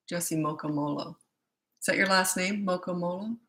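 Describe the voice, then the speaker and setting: An older woman from Canada chats casually with her livestream viewers, joking about herself and laughing often. Her voice is a little low but bright and edgy. The room around her rings with echo. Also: normal speed. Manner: chatty and self-mocking, laughs often. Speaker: parenting coach. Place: at home in British Columbia.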